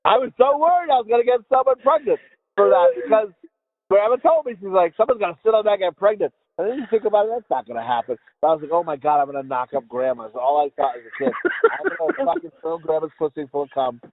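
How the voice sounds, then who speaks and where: This podcast co-host is a man with a high, sing-song voice who speaks quickly. He rambles through crude jokes, laughing often, and the sound is tinny, like it came through a phone.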